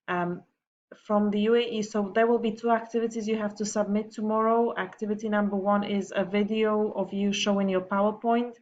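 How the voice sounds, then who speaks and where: A woman teacher speaks gently and without hurry in a recorded morning message, then reads a story aloud to her pupils. Her pitch is middling and she pauses on frequent ums. The sound is muffled and lo-fi. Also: fairly even intonation, a little hiss or hum. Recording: dull lo-fi recording.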